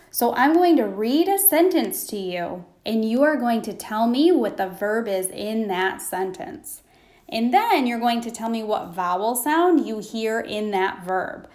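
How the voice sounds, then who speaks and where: Slow, patient woman teaching phonics. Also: a little high, expressive, a little mellow. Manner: slow, patient, prompting pauses for answers. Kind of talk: phonics lesson for young children.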